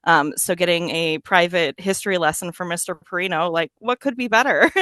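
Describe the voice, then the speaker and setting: A woman's voice: on the low side, a little fast, pushed and bright, no echo, studio quality. A woman, a fan guest, recalling a meeting in a giddy, emotional way, laughing often. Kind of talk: casual interview recollection.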